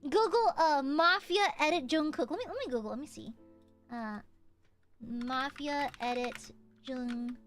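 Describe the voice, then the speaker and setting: A woman's voice: high voice, measured pace, fairly bright tone, soft background music. A young woman streamer chatting casually with her viewers, playful and chatty, often breaking into giggles and squeals. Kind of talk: casual chat with a live stream chat.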